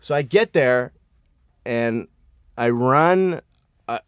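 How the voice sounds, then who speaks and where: In a clean studio with no echo, a middle-aged co-host with a clear, resonant mid-range voice slowly tells a story on a podcast. He swears freely and performs the quotes with animation, keeping it casual.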